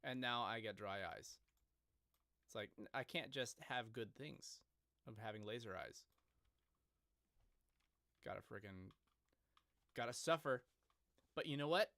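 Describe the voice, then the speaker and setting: A man's voice: medium pitch, a little slow, long pauses, bright, forceful tone, dry recording. A man chatting casually on a live stream, rambling and joking at his own expense. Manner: joking, rambling, self-deprecating.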